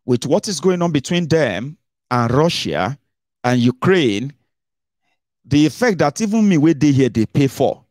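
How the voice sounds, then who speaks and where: A middle-aged Nigerian man hosting a casual political commentary show, animated and mixing Pidgin into his English, with dramatic swings in pitch. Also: unhurried, no room sound, clean studio sound. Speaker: host.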